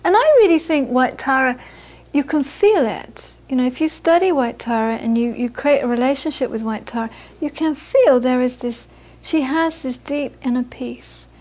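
High-voiced woman teaching Buddhism. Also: normal speed, few pauses, a little mellow. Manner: chatty storyteller, many restarts and repeated words. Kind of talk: informal dharma talk with anecdotes.

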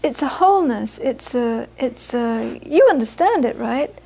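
A woman's voice: a little high, lively intonation, a little slow, vocal fry, mellow, slightly rough. A woman giving a Buddhist dharma talk to a small audience, telling anecdotes and often repeating words as she searches for phrasing. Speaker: Buddhist teacher.

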